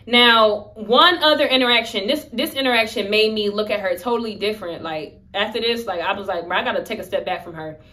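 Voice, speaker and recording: A young woman chats through a storytime vlog in a bright, forceful voice. She talks in slang and acts out the lines she quotes with lively energy. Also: medium pitch, a little fast, few pauses. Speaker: vlogger telling a story. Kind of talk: casual storytime chat.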